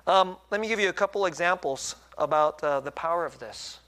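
A man's voice: on the high side, fairly quick, a bit bright. A middle-aged man preaching in a conversational, self-deprecating way, often checking in with tag questions. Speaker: pastor. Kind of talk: conversational sermon.

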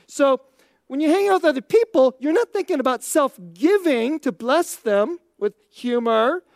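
A woman's voice: high-pitched, lively intonation, moderate pace, vocal fry, no room sound, studio quality. A woman giving an informal Christian teaching talk, conversational and thinking aloud, chuckling often between points. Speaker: Christian speaker.

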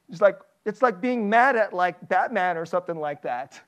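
A pastor giving a sermon, animated, laughing often, asking the audience many questions and acting out quoted voices. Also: medium pitch, moderate pace.

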